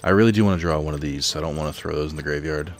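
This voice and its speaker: A let's play host with a rumbling low voice races through casual commentary while playing a card game in his apartment, soft music in the background. He thinks aloud, rambles, and reads out the card text.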